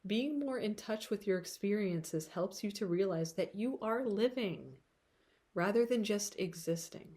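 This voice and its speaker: A woman's voice: mid-range voice, animated, unhurried, dark tone. A woman with a tired throat giving a casual tarot reading to camera, chatty and rambling with frequent laughter. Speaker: tarot reader.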